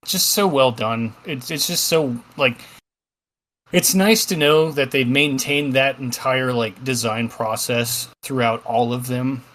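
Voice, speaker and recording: A man's voice: mid-range voice, unhurried, fairly bright tone. A man co-hosting a casual gaming podcast, rambling with lots of fillers and the odd swear. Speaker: podcast co-host.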